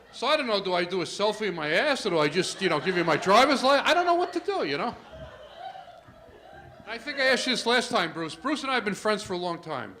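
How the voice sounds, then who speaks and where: An older man from New York working a comedy club stage with a stand-up set. His voice sits a little high for a man. He tells stories, throws asides to the audience, and pushes his volume up for each punchline. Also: big pitch swings, moderate pace, long pauses, slight background noise. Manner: storytelling with asides to the crowd, rising loud for punchlines.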